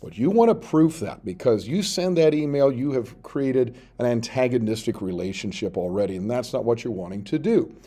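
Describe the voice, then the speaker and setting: A male teacher giving a step-by-step tutorial, reading his sample text aloud slowly as he types it. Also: mid-range voice, lively intonation, mellow. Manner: explains step by step, reads out sample text slowly while typing. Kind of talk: screen-recorded tutorial.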